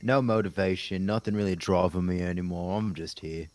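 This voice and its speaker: A man's voice: low-pitched, steady tone, a little fast, darkish tone, dry recording. A man playing a tabletop game, joking and teasing in character. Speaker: player.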